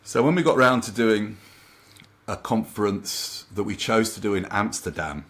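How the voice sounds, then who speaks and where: A man working as a confidence coach, telling lively anecdotes in a casual interview and acting out quoted remarks. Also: fairly low pitch, moderate pace.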